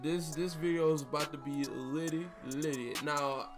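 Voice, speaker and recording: Young-sounding dude hyping up his basketball game, high voice, slangy trash talk, faint game music behind him. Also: steady tone, moderate pace. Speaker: gaming YouTuber. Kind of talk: gameplay commentary.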